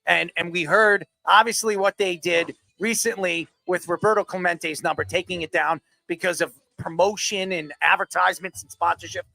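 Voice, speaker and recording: A man co-hosting a sports talk show, giving emphatic, animated takes. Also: high-pitched, normal speed, creaky, few pauses. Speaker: co-host.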